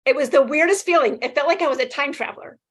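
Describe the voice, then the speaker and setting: A woman in her fifties, a guest talking casually and quickly in an interview, animated and laughing often. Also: high voice. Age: 50s. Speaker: guest sharing her experience.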